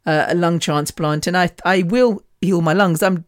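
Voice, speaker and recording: A woman's voice: lowish voice, unhurried, no echo, clean studio sound. Blunt, defiant woman chatting. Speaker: podcast host. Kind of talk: casual monologue.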